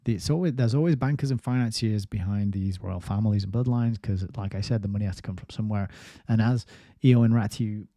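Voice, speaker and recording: Low-voiced man reading chat. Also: fast, warm tone, no echo, clean studio sound. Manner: rambling, reads viewer comments aloud. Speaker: host of a book review livestream. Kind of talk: casual live-stream chat.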